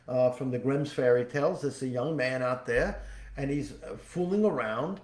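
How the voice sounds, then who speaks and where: Man, podcast host, spiritual talk, folksy storytelling, repeats phrases, warm tone, roomy echo. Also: mid-range voice, moderate pace. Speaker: podcast host and psychic medium. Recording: echoey room.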